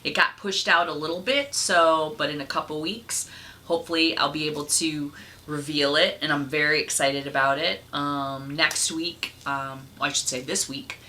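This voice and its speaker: A woman's voice: deep voice, steady tone, moderate pace, pushed and bright, slight background noise. A woman giving a casual, rambling vlog update in a chatty way, with many fillers. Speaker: vlogger and comedy night host.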